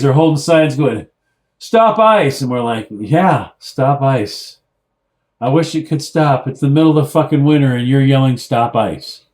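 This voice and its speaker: A man co-hosting a casual beer review show, telling profane stories and acting out quotes in mock voices. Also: mid-range voice. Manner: animated storyteller who acts out quotes in mock voices.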